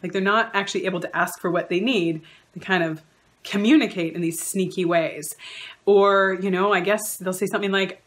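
A woman's voice: mid-range voice, fairly even intonation, normal speed, a bit bright. A woman counsellor giving an earnest advice talk, stringing together lists of repeated phrases. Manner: acts out quoted remarks in shifted voices.

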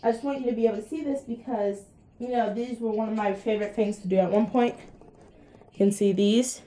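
A woman's voice: a little high, steady tone, fairly quick, dark tone. A young woman chatting casually to her viewers in a rambling vlog, with plenty of fillers. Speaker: vlogger.

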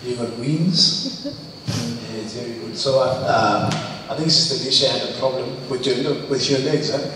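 A man preaching a lively church sermon, exclaiming and teasing his congregation. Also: mid-range voice, measured pace. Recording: echoey hall, distant mic, faint hiss.

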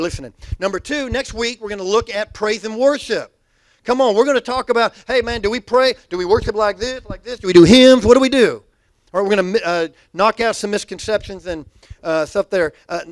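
High-voiced energetic male preacher. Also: no echo. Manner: energetic call-and-response preaching. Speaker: pastor. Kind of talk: sermon. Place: church sanctuary.

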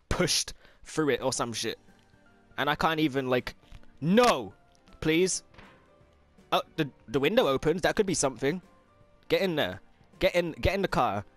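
A young man giving let's play commentary, frustrated and swearing, yelling at the game. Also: fairly high pitch, no room sound. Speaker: gameplay commentator.

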